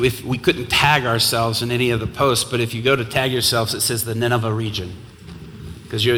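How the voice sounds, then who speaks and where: Impassioned male preacher in an echoing hall. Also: medium pitch. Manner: impassioned, builds to loud exhortation. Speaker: guest preacher. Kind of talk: sermon with storytelling. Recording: long hall reverb, faint noise.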